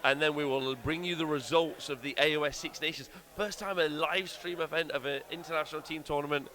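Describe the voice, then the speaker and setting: A man's voice: a little high, steady tone, brisk, bright, forceful tone. A man hosting a live stream, chatting upbeat and thanking viewers as he walks through the lineups. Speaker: stream host and commentator.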